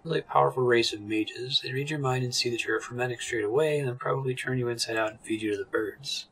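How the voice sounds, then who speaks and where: A man's voice: medium pitch, fast talker, fairly bright tone, slightly rough, faint music behind. A man voicing a rude, mocking male sailor while reading game dialogue aloud. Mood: scornful.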